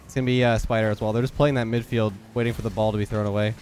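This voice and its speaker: A young man talks fast through his own match, calling plays with quick, focused commentary. His voice is stuffed up and nasal from a cold, and faint game music plays underneath. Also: fairly low pitch, little pitch movement, darkish tone. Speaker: gaming YouTuber. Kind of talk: live gameplay commentary.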